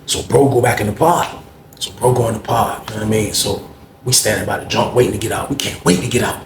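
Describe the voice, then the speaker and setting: A man casually telling a story, animated and acting out the people he quotes in a higher voice. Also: fast. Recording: echoey room with faint noise.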